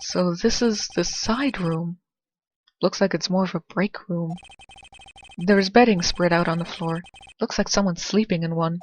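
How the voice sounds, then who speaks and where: A woman's voice: on the low side, measured pace. A woman giving casual, dry, sarcastic commentary while playing through a game and reading its dialogue. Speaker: let's play narrator.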